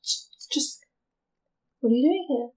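A laid-back shifty rogue guy with a fake accent, as a woman player puts him on, joking, slightly high voice. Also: lively intonation, unhurried, darkish tone, rough recording. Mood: defensive.

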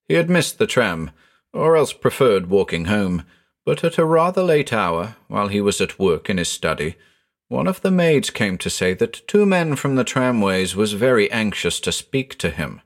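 A man narrating a ghost story in a measured, expressive reading. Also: lowish voice.

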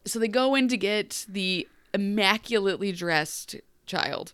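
An animated woman co-hosting a podcast, recapping a TV episode in loose, casual chat. She laughs easily and jumps into high little character voices. Her voice sounds dry and close, with no room around it. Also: unhurried, smooth, dry recording. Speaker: podcast co-host.

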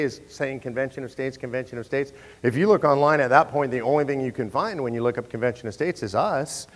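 A man telling a story to an audience in an animated, chatty way, often restarting his sentences. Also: medium pitch, in a large hall.

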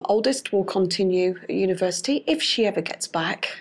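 A woman in her forties, a parent who is leaving, giving measured, thoughtful answers in an interview. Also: medium pitch, animated. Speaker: guest, departing parent. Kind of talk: casual interview.

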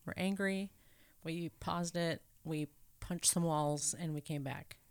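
A woman's voice: low-pitched, fairly even intonation, slow pace, clean tone, dry recording. A woman co-hosting a podcast in casual chat, wry and joking, laughing along with her partner. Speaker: podcast co-host.

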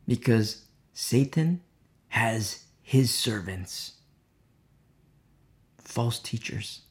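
A preacher delivering an animated sermon, driving points home with emphatic repetition and acting out the people in the story. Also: mid-range voice, drawn-out words, long pauses. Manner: acts out quoted voices.

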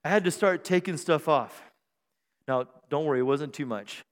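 A middle-aged male pastor preaching a sermon on a church stage mic, joking and self-deprecating, then building to shouted praise. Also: a little high, normal speed. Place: church sanctuary. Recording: long hall reverb in a church.

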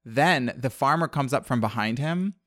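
A man casually retelling a film's plot, animated and acting out the characters' lines. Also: mid-range voice, normal speed, no room sound, studio quality. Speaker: podcast co-host recapping a film. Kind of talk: casual chat.

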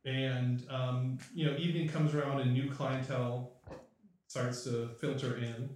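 A man narrating as game master in a tabletop game, casual and halting, with many fillers. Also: mid-range voice, little pitch movement, a little mellow. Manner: loose, many fillers and hesitations. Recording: very echoey room, mic far off.

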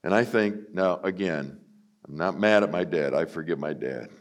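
An older man preaches a sermon, folksy and earnest as he weaves in his own stories. His voice sits on the lower side and often dips soft before lifting again. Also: expressive, moderate pace. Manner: folksy, earnest, acts out quotes. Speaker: guest speaker, missionary preacher.

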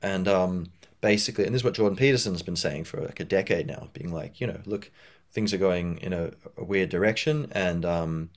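Male podcast host, lowish voice, loose rambling solo monologue. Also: fairly quick. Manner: rambling, full of fillers and restarts.

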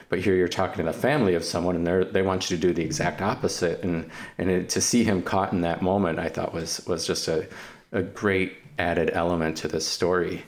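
A man's voice: low voice, fairly even intonation, a little fast, few pauses. A man who is a doctor, co-hosting a casual film podcast and thinking aloud in winding, restarting sentences.

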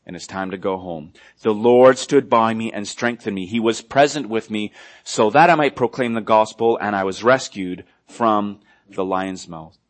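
A male pastor preaching a sermon earnestly, moving between loud emphasis and hushed, quiet passages. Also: fairly low pitch, moderate pace.

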